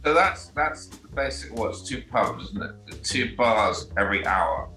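Offhand guy cohost, bright sharp voice, echoey room. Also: on the low side, animated, unhurried, soft background music. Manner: offhand, swears casually. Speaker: podcast co-host. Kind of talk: casual chat.

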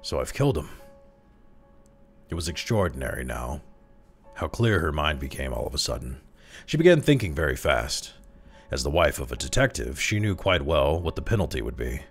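Male story reader, extremely low voice, animated, dramatic narration. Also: creaky, slightly rough, faint music behind. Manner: expressive, slows down for tense moments.

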